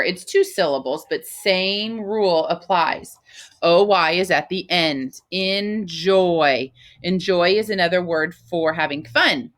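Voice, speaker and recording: A woman teaching first graders a phonics lesson, her voice a little lower than most women's. She talks slowly and patiently, in the sing-song manner of a classroom teacher. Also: fairly bright tone. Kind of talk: phonics lesson for young children.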